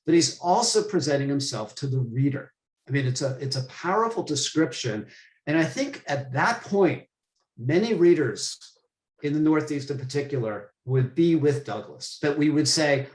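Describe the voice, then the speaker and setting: A man's voice: fairly high pitch, animated, normal speed, reverberant. A man giving an online lecture to teachers, thoughtful and emphatic, often restarting his phrases. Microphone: computer mic on a video call.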